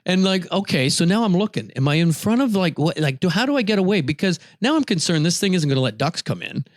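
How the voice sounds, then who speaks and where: A man telling a story on a podcast, his voice swinging widely and jumping up high as he relives the moment. He speaks a touch high for a man, close to the mic in a dry, dead room. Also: fast, no room sound. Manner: animated, voice jumps high when retelling his shouts. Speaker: podcast co-host. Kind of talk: casual storytelling.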